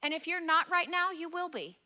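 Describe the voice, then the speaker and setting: Bright high-voiced woman preaching. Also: a little fast. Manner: earnest, conversational preaching with paraphrased scripture. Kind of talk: sermon.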